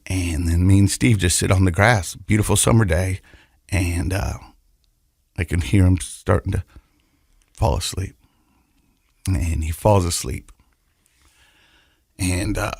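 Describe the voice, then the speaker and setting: A middle-aged man co-hosting a podcast, telling a personal story in an earnest, halting way and often repeating his words. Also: deep voice, dry recording, studio quality. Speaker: podcast co-host.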